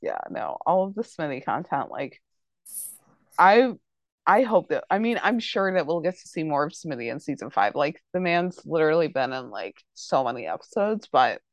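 Woman podcast host, casual recap chat, filler-heavy delivery, animated intonation, dry mic. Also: low voice, normal speed, no room sound. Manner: chatty, full of "like" and "um" fillers.

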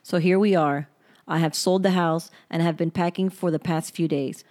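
Candid, lower-pitched woman podcaster. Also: steady tone, moderate pace, over music. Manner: candid and reflective, with blunt swearing. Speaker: podcast host. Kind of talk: personal podcast monologue, reading her old journal aloud.

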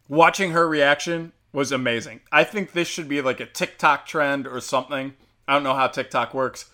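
A young man rants in a casual, profane commentary, heated and sarcastic, with lots of fillers. His voice is bright and forceful, sitting at a middle pitch. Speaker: commentary host.

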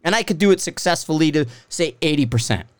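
A man's voice: fairly high pitch, animated, fast, clear, resonant tone, dry recording, studio quality. A man hosting a podcast as a shooting instructor, ranting in a casual, exasperated, profane way and mocking others in put-on voices.

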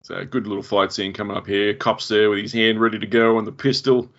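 Gravelly-voiced Australian guy reviewing a movie. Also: lowish voice, little pitch movement, quick pace, a bit bright, highs cut off. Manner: enthusiastic, laughs often, recounts scenes. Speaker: podcast host. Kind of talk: casual movie review chat. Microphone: home podcast mic.

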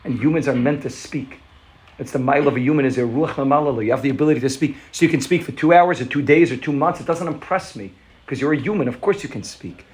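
A man voicing a proud male king who calmly sets out his reasoning. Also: mid-range voice, fast talker, natural voice. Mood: explaining. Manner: explaining, matter-of-fact.

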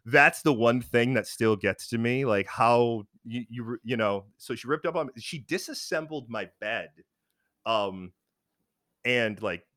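A man's voice: mid-range voice, measured pace, a bit bright, dry recording, studio quality. A man telling a personal story in casual chat, frank and rambling with many fillers and restarts.

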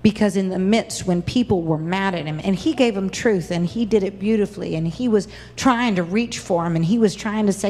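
A woman preacher giving an impassioned sermon, acting out quoted voices with big swings in pitch. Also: normal speed, few pauses, darkish tone, in a large hall. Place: church.

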